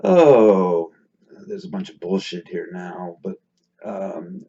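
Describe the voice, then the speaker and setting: A man's voice: sits low, lively intonation, slow, mellow, lo-fi sound. A man hosting a casual commentary, reading out chat comments with sarcastic asides and lots of hesitant fillers. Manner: sarcastic, mutters asides between read-out comments; frequent hesitant fillers and restarts. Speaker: host reading out live-stream chat comments.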